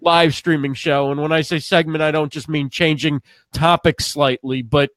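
A man co-hosts a live stream in an earnest, rambling way and often circles back over his own words. His voice sits a little high, and the sound is close and dry. It comes through a computer mic on a video call. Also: fairly even intonation, normal speed, a bit bright, dry recording. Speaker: co-host. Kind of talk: casual live-stream chat.

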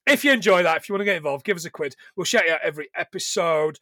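A man with a high, bright voice hosts a podcast, chatting casually and rambling with jokes. The sound is dry and close to the mic. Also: racing, no echo. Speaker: podcast co-host. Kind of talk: casual chat.

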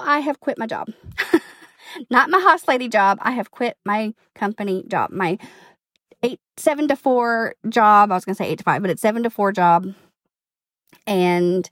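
A woman talking casually in a storytime vlog from her car, chatty, emphatic and excited. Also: fairly high pitch, no echo, studio quality. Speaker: vlogger, home organizer. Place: inside a parked car.

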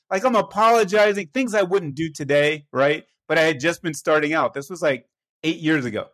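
A man with a slightly higher voice than most, speaking as a pastor. He tells a personal story in a casual, self-deprecating way, often tossing in "right?" to check in with his listener. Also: fairly quick, a bit bright.

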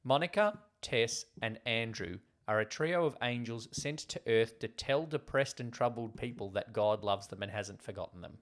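A man co-hosting a podcast keeps up a rambling film chat, frequently drifting off with "like" and other fillers. His medium-pitched voice runs at normal speed with few pauses.

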